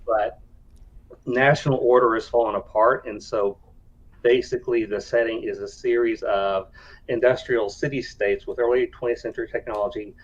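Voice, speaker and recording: A man's voice: medium pitch, fairly even intonation, moderate pace. A man on a video call explains his game setting plainly, one point after another. His audio comes through dull and lo-fi. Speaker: guest game designer.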